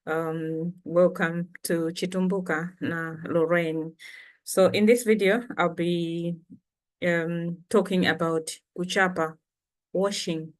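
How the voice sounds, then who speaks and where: A woman's voice: on the low side, steady tone, slow pace. A woman from Malawi teaching vocabulary in a casual lesson, patiently repeating each word for learners. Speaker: language teacher.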